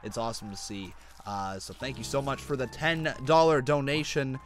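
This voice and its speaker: A man's voice: medium pitch, steady tone, normal speed. A man hosting a live reaction stream, chatting casually and reading out viewer donations and questions. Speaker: livestream host.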